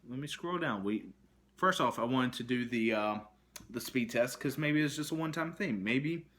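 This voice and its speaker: Brief: male vlogger, mid-pitched, exasperated rant, halting delivery with many restarts, recorded on a camera mic in a kitchen. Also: a bit bright. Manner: frustrated, exasperated storytelling with many fillers and restarts. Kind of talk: ranting to camera. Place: kitchen at home, indoors.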